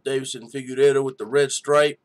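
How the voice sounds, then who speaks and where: A man's voice: mid-range voice, flat delivery, fairly quick. A young man hosting a live fight-night stream, giving hyped, slangy reaction commentary and chatting with viewers.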